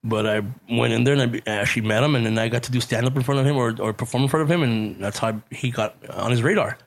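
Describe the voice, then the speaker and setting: A man with a Chicano English accent telling stories in a casual chat, animated, swearing and laughing. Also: medium pitch, fast talker, gravelly. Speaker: podcast guest, actor and comedian.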